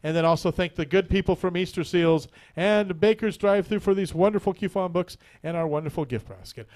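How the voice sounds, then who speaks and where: A man's voice: high voice, brisk, few pauses, a little mellow. A man hosting a radio talk show, chatting casually and telling a rambling joke, laughing often and repeating words as he goes. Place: radio studio.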